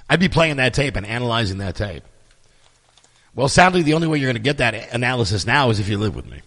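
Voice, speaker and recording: A middle-aged man hosting his podcast, telling stories in a sarcastic, profane, animated casual monologue. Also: mid-range voice, breathy edge, in a large hall. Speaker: podcast host.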